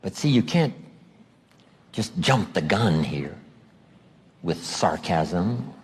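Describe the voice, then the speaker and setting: A man's voice: deep voice, expressive, slow, breathy edge. A man giving a motivational seminar talk, emphatic, stretching out key phrases for drama. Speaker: motivational speaker.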